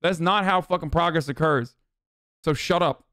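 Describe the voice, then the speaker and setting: A male livestream commentator rants fast and angrily about politics, swearing constantly and sneering at his chat. His voice is smooth and clear, pitched slightly high for a man, and the sound is close and dry. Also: a bit bright, no echo. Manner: profane, heated, rapid ranting; mocks chat in a sarcastic high voice.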